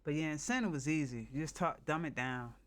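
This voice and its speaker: Slightly high-voiced man rambling on stream. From northern United States. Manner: rambling, halting, thinking out loud. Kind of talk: casual live-stream chat with viewers.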